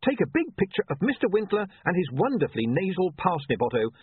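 A man voicing a wry, anxious young male newspaper editor who talks in a hurried way. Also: high-pitched, huge pitch swings, slightly rough, dry recording, voice pushed up, exaggerated voice. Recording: tinny phone-like, dry.

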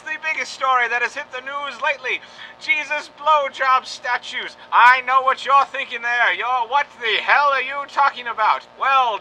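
Man, comedy podcast host, very high voice, sharp tone, crude jokes, faint noise. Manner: crude, mock-newscaster delivery. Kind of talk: casual comedic banter.

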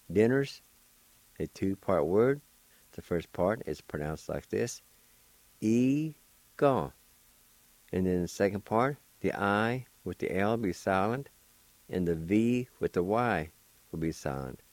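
Male radio host, dark mellow tone, unhurried teacher sounding out each syllable. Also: low-pitched, expressive, no echo. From United States. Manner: patient, spells out letters and syllables one by one. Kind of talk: slow spelled-out language lesson.

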